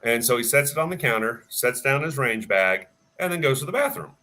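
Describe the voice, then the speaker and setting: A man who works as a firearms instructor, telling a story in a casual, animated way with plenty of fillers. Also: mid-range voice, brisk. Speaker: firearms instructor and range staff. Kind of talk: casual storytelling on a live chat.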